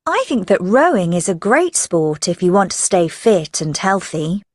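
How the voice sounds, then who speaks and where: A woman's voice: fairly low pitch, big pitch swings, a little slow, dry recording, clean studio sound. A woman reading scripted sentences for an English course recording. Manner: clear, read-aloud delivery. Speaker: audio exercise speaker.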